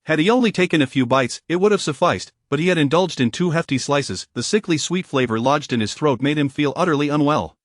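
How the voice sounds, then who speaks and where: A man giving scripted audiobook narration of a romance story in an even, steady reading. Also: a little high, brisk, hardly any pauses, dry recording, clean studio sound.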